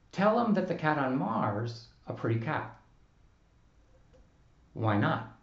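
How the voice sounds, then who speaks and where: A man lectures on a linguistics topic in a clear, measured way, his pitch moving animatedly through each point. The sound is dull and slightly lo-fi, with a roomy echo around his voice. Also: a little mellow. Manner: clear, measured explanatory delivery with careful enunciated examples. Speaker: linguistics professor. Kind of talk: recorded lecture.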